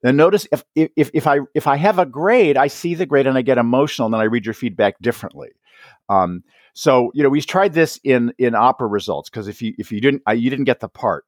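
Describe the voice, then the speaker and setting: A man speaks in a lively, swooping voice, his pitch climbing and dipping as he explains ideas to an interviewer. The sound is dry and close, with no room around it. He talks in an easy conversational way and keeps checking in with little tag questions. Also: fast talker, dry recording. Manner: animated, acts out quoted voices, frequent "right?" tags. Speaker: author and education guest.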